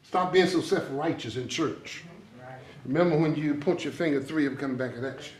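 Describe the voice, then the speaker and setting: Animated preacher, high voice. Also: male voice, a little fast. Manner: animated storytelling with laughter. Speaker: pastor. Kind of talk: sermon. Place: church sanctuary. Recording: echoey sanctuary, distant mic.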